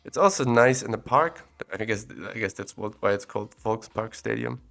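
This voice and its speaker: This man speaks at a moderate pace in a low, creaky voice, casually narrating his thoughts as he checks out places on a map. The laid-back, chatty commentary was captured on a separate audio recorder.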